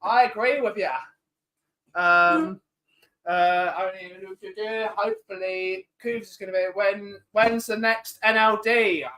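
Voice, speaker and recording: Male livestream host with a sharp, bright tone, casual and chatty, shouting out viewers. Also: high voice, steady tone, slow pace. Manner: chatty, greeting viewers in chat one by one. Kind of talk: casual live-stream chat.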